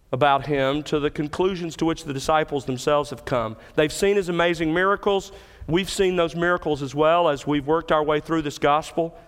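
A man's voice: high voice, a bit bright, clean tone. A man preaching an expository sermon as pastor, stressing key words with emphasis. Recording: hall with long reverb.

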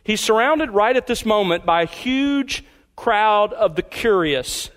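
A man with a high voice delivers a sermon like a teacher. He explains patiently and stretches out the words he wants to stress. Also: lively intonation, a bit bright. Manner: emphatic, teacherly, slows down on key phrases. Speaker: pastor.

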